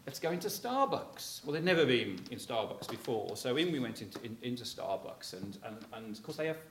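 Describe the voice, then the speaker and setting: A man's voice: medium pitch, animated, fairly quick, a bit bright. Man telling rambling stories in an echoey room. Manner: rambling and chatty, full of fillers like "you know, kind of thing"; chuckles while telling stories. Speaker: speaker addressing a local audience. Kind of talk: anecdotal public talk. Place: room with a live audience. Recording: echoey room, faint noise.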